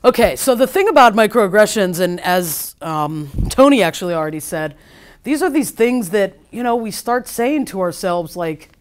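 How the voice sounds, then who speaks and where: A woman's voice: mid-range voice, lively intonation, moderate pace. A woman psychologist giving a keynote lecture in a casual, chatty way, often saying "like" and acting out quoted speech. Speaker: keynote speaker.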